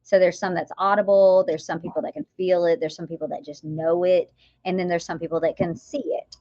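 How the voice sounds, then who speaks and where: A woman guest on a podcast, telling her story in an animated way, full of laughter and quoted voices. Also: on the low side, fairly quick, dry recording. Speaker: guest, author. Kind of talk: podcast interview. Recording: dull, slightly lo-fi dry sound.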